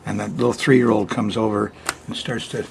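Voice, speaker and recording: A man's voice: fairly low pitch, level tone, moderate pace, creaky, slight background noise. An older man hosting an astrology forecast in a chatty, folksy way, laughing often between points. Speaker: astrologer hosting a weekly sky report. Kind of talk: casual spoken forecast.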